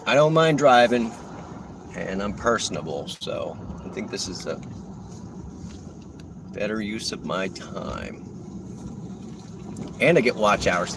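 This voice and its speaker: A man, chatting casually to viewers while he drives for a rideshare app. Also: on the low side. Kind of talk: casual live-stream chat. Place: in a car. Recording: noisy car interior.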